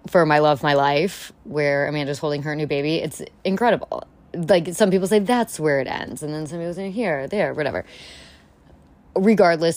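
A young woman hosting a casual solo podcast, gossipy and animated, swearing freely as she chats. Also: low-pitched. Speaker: podcast host.

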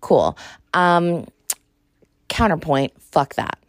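A young adult woman hosting a podcast, talking in a sassy, exasperated, animated way. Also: sits low, very slow, no room sound, clean studio sound. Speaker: podcast host. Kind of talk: casual monologue.

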